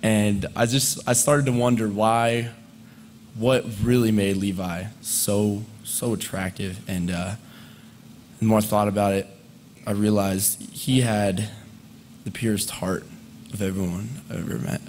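A man in his twenties speaking as a friend at a memorial service, conversational and halting, with fillers and soft laughs. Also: fairly low pitch, flat delivery, a little hiss or hum. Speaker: eulogist, friend of the deceased. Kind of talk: memorial eulogy. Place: memorial service hall, indoors.

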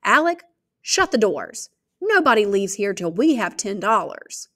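A woman reading aloud, voicing a stern middle-aged male country preacher who speaks forcefully. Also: mid-range voice, expressive, moderate pace, close to an everyday voice. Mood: commanding. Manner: forceful, commanding.

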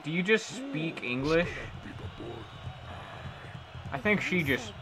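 A man's voice: a little high, big pitch swings, slow pace, crowd noise. A man giving playful gameplay commentary as a streamer, joking and talking back to the game characters. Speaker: let's play streamer.

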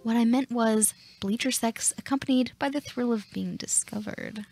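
A woman's voice: on the high side, moderate pace, creaky, a little mellow, soft background music. A woman playing blunt, matter-of-fact characters in comedy sketches. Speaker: sketch performer.

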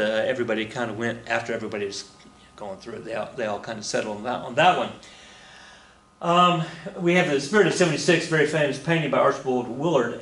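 In an echoey room with a flag on the wall, a man with a mid-range, slightly bright voice teaches a history lesson. It's a casual recorded lecture, and he rambles along with plenty of fillers, restarts and chuckles.

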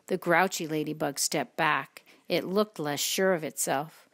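A woman's voice: low-pitched, gravelly. Woman reading a picture book aloud. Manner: slow, expressive storytelling. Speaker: reader.

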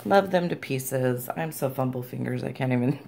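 Woman vlogger, low and gravelly, tired but gushing, casual chat. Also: normal speed, a little mellow, slight background noise. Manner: gushing and chatty, squeals and laughs often. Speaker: crafting vlogger. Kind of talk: casual unboxing vlog.

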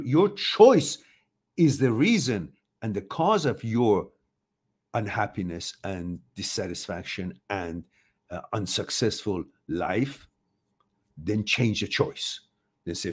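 Blunt, swearing man with lively pitch. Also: unhurried, slightly rough. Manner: blunt, swears freely, emphatic. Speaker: host. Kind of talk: motivational talk to viewers.

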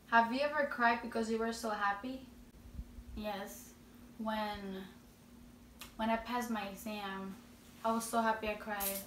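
Slow, giggly young woman with a Spanish accent. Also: on the high side, fairly even intonation, a bit bright. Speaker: vlogger answering questions. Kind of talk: casual Q&A chat. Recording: roomy echo, distant mic, faint noise.

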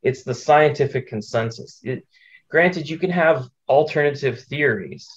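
A man taking part in a Bible study discussion, speaking hesitantly and trying to smooth things over. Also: mid-range voice, unhurried. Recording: dull lo-fi audio.

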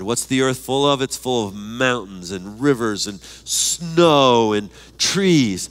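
An older man preaching a sermon as pastor, expressive and lively, asking many questions and reading scripture aloud. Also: medium pitch, takes it slowly, hardly any pauses. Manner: reads scripture verses aloud.

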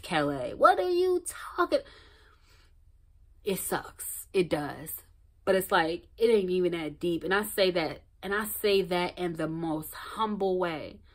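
A woman with a fairly low voice gives a casual pep talk to camera. She is blunt and emphatic, curses freely and hammers her point home by repeating phrases. She jumps from loud bursts to soft, almost whispered asides. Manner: shifts between loud outbursts and hushed, near-whispered asides. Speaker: motivational vlogger.

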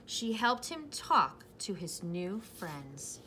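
A young woman who teaches preschool, reading a picture book aloud to young children in a slow, encouraging way. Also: mid-range voice, very animated, bright, forceful tone, a little hiss or hum. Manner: slow, sing-song, encouraging.

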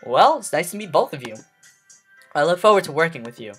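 A man reading a game's text aloud as its player, breaking off with expressive emotional reactions. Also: fairly high pitch, fairly quick, breathy edge, soft background music. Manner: expressive, reacting with emotional outbursts between read lines. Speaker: let's play host. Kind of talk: reading and reacting during a game playthrough.

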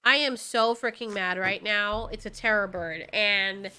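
A woman commentating live as she plays a video game, reacting loudly and swearing at the game in exasperation. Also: mid-range voice, fairly even intonation, measured pace, clean tone. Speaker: gaming channel host.

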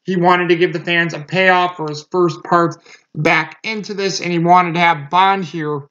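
A man's voice: sits high, fairly even intonation, moderate pace, fairly bright tone. A man giving a casual movie review, rambling with lots of fillers and restarts. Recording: muffled lo-fi recording.

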